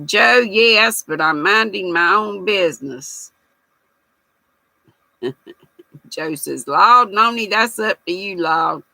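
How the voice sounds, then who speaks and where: A woman's voice: mid-range voice, creaky, bright, forceful tone, dry recording, rough recording. An older woman hosts a casual livestream, reading out viewer comments in a chatty, folksy manner. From United States. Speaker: livestream host reading chat. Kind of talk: casual chat.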